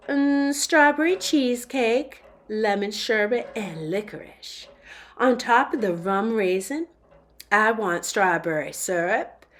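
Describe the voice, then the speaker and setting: A woman voicing a fussy grown woman ordering ice cream, in a slow, affected voice that is half Southern drawl and half posh British. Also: fairly high pitch, a little hiss or hum.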